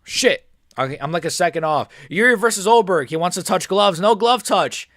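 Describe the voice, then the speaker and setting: Excitable young man reacting live to a fight. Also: sits high, normal speed, dry recording, studio quality. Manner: excitable, swings from nervous mumbling to shouting. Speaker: livestream fight watch-along host.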